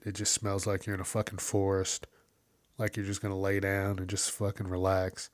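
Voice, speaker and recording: A man's voice: deep voice, dry recording. Profane ranting man, dry close mic. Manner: profane, ranting, acts out quoted exchanges. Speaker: podcast host. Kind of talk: casual solo rant.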